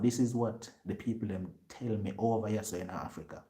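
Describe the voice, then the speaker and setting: A man with a Jamaican accent telling a story to his viewers in lively patois, acting out what other people said. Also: lowish voice, brisk, few pauses. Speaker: vlogger.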